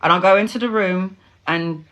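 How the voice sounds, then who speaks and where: A middle-aged woman, a tarot reader telling stories in casual, animated chat and swearing freely. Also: on the low side, normal speed, muffled recording.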